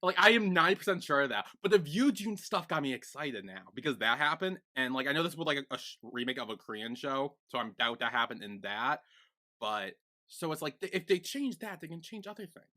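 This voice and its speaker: A man co-hosting a podcast, recapping a TV series in casual chat, rambling and excitable with lots of fillers. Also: medium pitch, brisk. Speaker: podcast co-host.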